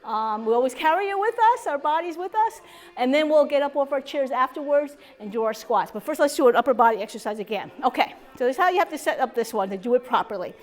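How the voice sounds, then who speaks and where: A woman's voice: sits high, animated, fast. A woman leading a chair exercise class, upbeat and encouraging, cheering with whoops and slightly out of breath. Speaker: fitness instructor. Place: senior center hall.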